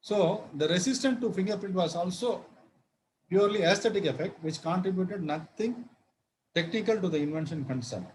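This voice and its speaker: A man giving a law lecture, halting often with fillers and restarts and spelling words out. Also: sits high, darkish tone, slight background noise, poor audio.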